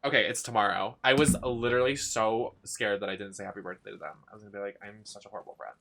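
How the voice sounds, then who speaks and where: A young man streaming a video game live, chatting casually in an excitable, giggly, gushing way. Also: fairly low pitch, fast, gravelly.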